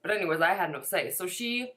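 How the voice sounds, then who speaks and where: A vlogger in her twenties, with a lowish, expressive, fairly bright voice, tells a personal story briskly. She's casual and chatty, swearing now and then and saying "like" a lot.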